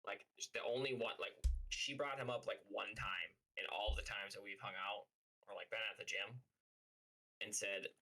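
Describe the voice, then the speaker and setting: Bright-voiced man venting on stream. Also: fairly low pitch, fairly even intonation, moderate pace, rough recording. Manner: heated, profane venting with many fillers. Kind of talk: casual livestream rant.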